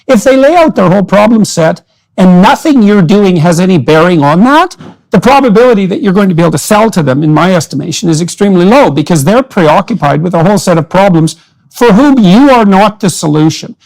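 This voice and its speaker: A man's voice: high-pitched, lively intonation, a little fast, vocal fry, a little mellow, rough recording. A man hosting a long-form conversation, explaining ideas in long, winding sentences. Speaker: podcast host.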